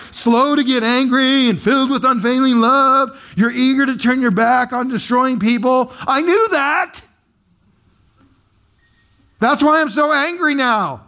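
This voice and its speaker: A man's voice: very high voice, bright, forceful tone, voice pushed up, exaggerated voice. A man doing a whiny, angry prophet. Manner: whiny, exasperated complaining. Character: angry complaining male biblical prophet.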